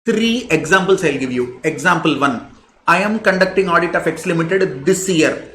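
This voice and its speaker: Man, audit lecturer, fairly high voice, repeats himself, echoey room, faint hiss. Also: moderate pace. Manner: repeats key phrases for emphasis; animated teaching with asides and examples. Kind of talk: classroom lecture.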